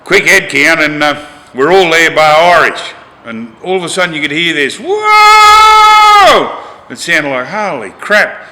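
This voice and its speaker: An older Australian man with a very bright, ringing voice sits for an interview and spins a rough story in plain, colloquial talk. His delivery is animated, and he throws himself into the quoted lines. The sound carries a long reverb tail. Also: on the high side, normal speed. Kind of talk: storytelling anecdote.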